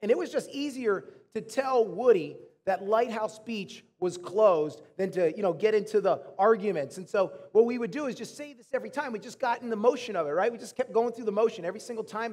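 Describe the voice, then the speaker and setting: High-voiced pastor preaching in a reverberant hall. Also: male voice, a little fast, few pauses. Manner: animated, chatty storytelling to the congregation. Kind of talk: sermon. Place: church auditorium.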